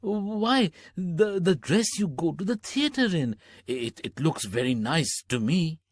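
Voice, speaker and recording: A woman putting on a hesitant, deep-voiced husband. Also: big pitch swings, slow pace, dry recording, studio quality, exaggerated voice. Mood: stammering. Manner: hesitant, stammering. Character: timid, doting clerk husband, man.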